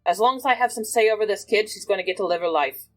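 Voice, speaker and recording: A woman's voice: mid-range voice, fast, lightly acted. Woman doing a stubborn, protective male guardian. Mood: defiant. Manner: stubborn, defiant. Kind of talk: tabletop role-play voice.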